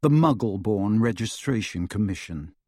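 A man narrating an audiobook in an expressive, measured storytelling voice on a close studio mic. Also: on the low side, no room sound.

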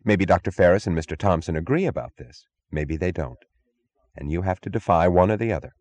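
A man's voice: low voice, expressive, fairly quick, a little mellow, no echo. A man reading an audiobook, voicing a cool, commanding woman executive in a level, firm voice. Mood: cold, commanding.

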